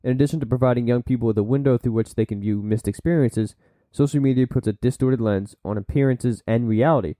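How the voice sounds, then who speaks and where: A man's voice: mid-range voice, fast, warm tone, no room sound. A man hosting a solo podcast, reading from sources and breaking off into blunt asides and silly put-on voices. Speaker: podcast host.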